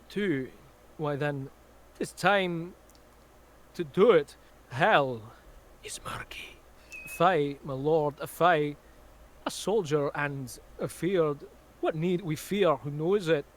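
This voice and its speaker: A famous actor with a put-on Scottish accent, as a man impersonates him reads Shakespeare, every line broken by odd dramatic pauses. The voice sits a little high for a man and sounds bright and forceful. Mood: brooding. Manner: halting, dramatic, drawn-out line delivery. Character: male celebrity actor impression, Scottish-accented, reciting tragedy. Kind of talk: theatrical Shakespeare recitation.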